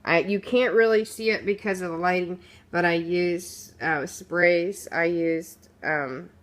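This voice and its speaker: A woman's voice: fairly low pitch, steady tone, a little slow. A woman chatting casually through her craft project, rambling with fillers and restarts, sounding a little sleepy and recorded on a phone at home. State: sleepy, yawning. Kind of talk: casual show-and-tell walkthrough. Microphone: phone camera.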